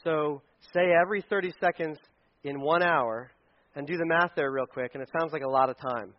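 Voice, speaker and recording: A man's voice: on the high side, moderate pace. A man preaching a casual, joking sermon to parents, acting out little scenes in funny voices. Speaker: pastor speaking to parents. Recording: dull lo-fi sound.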